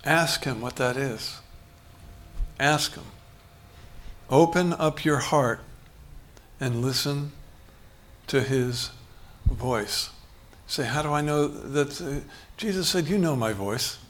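A man's voice: mid-range voice, slow, fairly bright tone, slight background noise. A man preaching a sermon in a conversational way, acting out short bits of dialogue and chuckling as he goes. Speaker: pastor.

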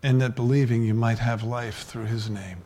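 Preaching a sermon at a moderate pace, a man starts with low, even speech and builds to loud fervor, sometimes dropping to a whisper.

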